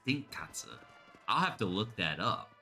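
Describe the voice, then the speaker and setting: A man's voice: sits low, expressive, normal speed, sharp tone, soft background music. A man streaming a game, rambling casually and chatting with his viewers. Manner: rambling, chatty, reads chat aloud. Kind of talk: casual gameplay commentary.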